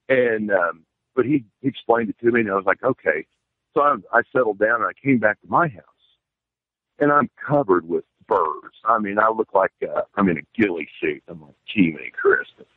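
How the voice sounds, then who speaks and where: A man's voice: fairly low pitch, lively intonation, normal speed, dry recording. A man telling a first-person outdoor encounter story in a rambling, plainspoken way, using folksy phrasing. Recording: tinny phone line, dry.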